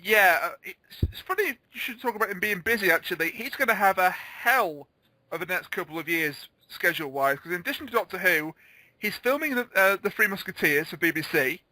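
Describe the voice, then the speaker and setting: A man's voice: high voice, animated, fairly quick, pushed and bright, no room sound, poor audio. A man hosting a casual chat, opinionated and a little stammering. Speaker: host.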